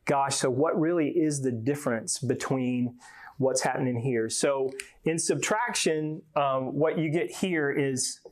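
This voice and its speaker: A man's voice: medium pitch, measured pace. A man from Georgia, giving a folksy, joking conference talk and often repeating words. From Georgia, USA. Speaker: conference speaker.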